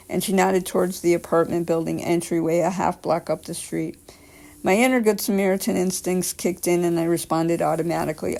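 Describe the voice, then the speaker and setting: Scratchy-throated woman reading creepy stories, kinda low voice, chatty little asides. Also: steady tone, brisk, vocal fry, a little mellow. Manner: chatty asides, filler-laden. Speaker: story reader.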